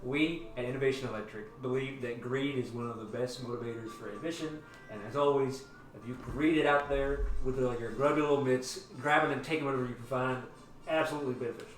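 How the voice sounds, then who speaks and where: A game master voicing a greedy, smug company boss in a tabletop game, with a put-on drawl and a folksy, bossy, teasing manner. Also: male voice, mid-range voice, steady tone, fast talker, natural voice. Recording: roomy and distant, music behind.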